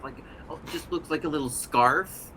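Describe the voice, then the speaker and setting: A man's voice: a little high, a little slow, background noise. A man narrating as game master of a tabletop game, describing scenes in a loose, descriptive way.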